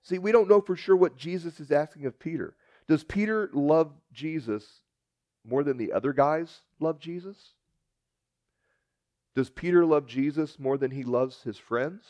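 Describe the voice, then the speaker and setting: A man preaching a sermon, retelling scripture as a story and acting out the dialogue with big swings in pitch and loudness. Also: unhurried, dry recording. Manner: storytelling, acts out the dialogue with shifting pitch and volume.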